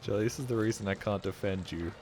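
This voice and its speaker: A man's voice: lowish voice, quick pace, background noise. A man streaming a video game, chatting casually with a goofy, self-mocking manner and plenty of swearing. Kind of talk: casual gaming stream commentary.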